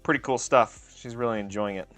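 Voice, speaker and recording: A man's voice: medium pitch, a little fast, fairly bright tone, soft background music. A man hosting a casual livestream, joking and laughing often as he talks to chat while working on a craft. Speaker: livestream host.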